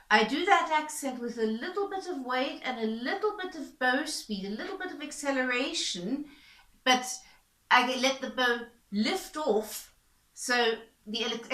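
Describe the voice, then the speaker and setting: A woman violin teacher explaining bowing technique in a calm, patient, step-by-step way. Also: on the high side, a little slow. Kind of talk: instructional explanation. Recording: echoey room. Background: violin playing between explanations.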